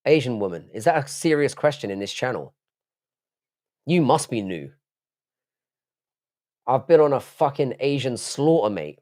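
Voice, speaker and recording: A man's voice: mid-range voice, big pitch swings, moderate pace, pauses often, a little mellow. Blunt, swearing man hosting a livestream. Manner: blunt, swears a lot, reads chat aloud. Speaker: livestream host. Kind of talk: casual live-stream chat.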